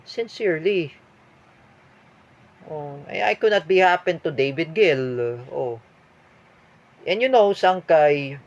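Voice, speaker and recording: A man with a Filipino accent giving a personal video statement as a vlogger, halting and full of fillers and restarts. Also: on the high side, dull audio.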